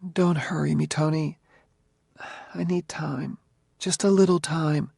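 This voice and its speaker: A male narrator doing a young woman in love, teasing, higher pitched, gravelly edge, dry audiobook sound. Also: very animated, normal speed, no room sound, full character voice. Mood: nervous. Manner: teasing, giddy, evasive.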